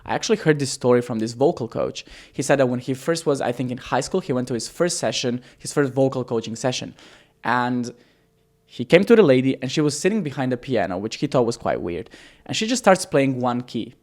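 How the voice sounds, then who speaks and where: On camera, a male copywriting coach with a mid-range voice delivers a brisk, laid-back lesson. He curses liberally and raises or lowers his pace and loudness for emphasis, keeping the energy high.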